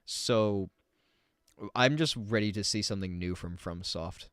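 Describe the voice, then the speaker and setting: Low-voiced man in casual reaction commentary. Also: a little slow, a bit bright, no room sound. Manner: rambling, argues back at the video. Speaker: streamer reacting to a video.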